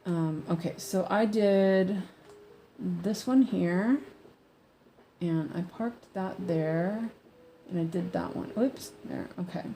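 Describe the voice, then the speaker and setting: A woman's voice: lowish voice, slow pace, pauses often, mellow, slight background noise. A woman chatting casually while she cross-stitches at home, rambling with lots of fillers and restarts. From United States.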